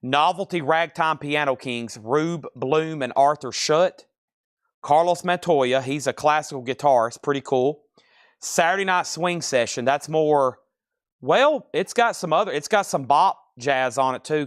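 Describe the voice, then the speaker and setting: A man's voice: fairly high pitch, a little slow, no room sound, studio quality. A man hosting a live record sale, chatting casually and thinking aloud as he sorts and prices albums. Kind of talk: casual live sales patter.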